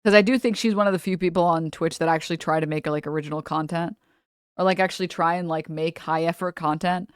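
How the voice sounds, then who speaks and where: A woman's voice: on the low side, fairly even intonation, quick pace, smooth, no echo, clean studio sound. A woman streamer chatting casually, rambling with lots of fillers and trailing off mid-thought. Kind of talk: casual live-stream chat.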